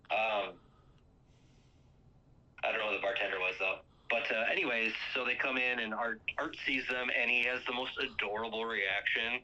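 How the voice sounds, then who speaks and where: Guy casually recapping a movie, bright ringing voice, lots of ums, muffled lo-fi audio. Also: fairly low pitch. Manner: rambling, fills with um and uh. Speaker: podcast host. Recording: lo-fi muffled sound.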